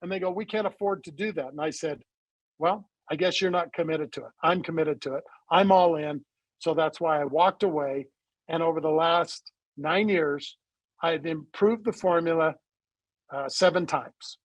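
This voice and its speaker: A man being interviewed as a guest and founder of a supplement company, telling his story in a lively way and acting out the dialogue he quotes. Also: fairly high pitch, moderate pace, no echo, rough recording. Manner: animated storyteller who acts out quoted dialogue.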